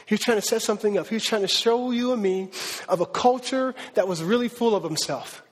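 A male pastor preaching a sermon in a lively, conversational, slangy way. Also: sits high, a little fast, long reverb tail.

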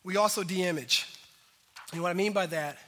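A male pastor preaching a sermon in a casual, lively way, with slang asides to the congregation. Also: high voice, normal speed, in a large hall.

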